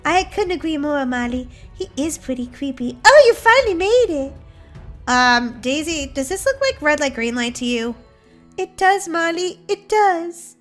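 Bouncy girl gamer voice, super bright and sharp, laughs a lot, screams when scared. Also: sits high, measured pace, soft background music. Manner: excitable, giggly, shrieks when startled. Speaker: gaming channel host. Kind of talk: playful gameplay commentary.

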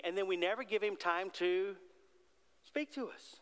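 Preaching at a moderate pace, a pastor speaks in a high, light, smooth voice with a touch of brightness. He stays conversational and repeatedly asks the congregation questions, his words trailing into the long reverb of a large sanctuary.

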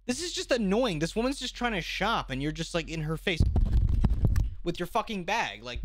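A young man streaming his reactions to online videos, talking casually, animated and swearing freely. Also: a little high, moderate pace. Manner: animated, swears a lot, restarts mid-thought.

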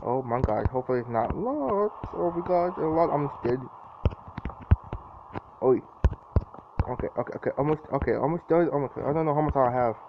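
A man's voice: on the high side, animated, brisk, hardly any pauses. A young man commentating his own gameplay in a casual, jittery way, exclaiming often and repeating himself. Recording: dull lo-fi mic with clear background noise.

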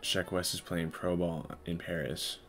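A man's voice: low voice, flat delivery, a little slow, a bit bright. A man hosting a live stream, chatting casually and playfully with viewers while he works. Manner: playful, teasing, talks to chat while working.

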